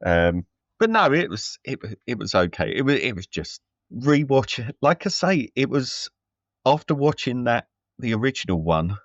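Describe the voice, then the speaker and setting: A man's voice: mid-range voice, sing-song, moderate pace, no room sound, highs cut off. A man co-hosting a casual film review chat, rambling with many fillers and restarts. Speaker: podcast co-host.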